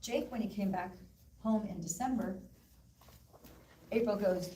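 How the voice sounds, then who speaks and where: A woman presenting at a live wellness event, telling a story to an audience in an animated way and acting out the voices of the people she quotes. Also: mid-range voice, measured pace, long pauses, a little hiss or hum. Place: event room. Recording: echoey room, voice from far off.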